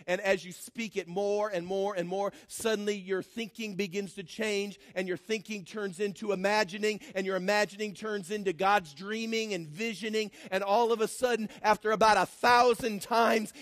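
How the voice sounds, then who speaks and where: Man pastor preaching, high voice, dry close sound, shouts then goes low and mocking. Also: no echo. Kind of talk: sermon. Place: church.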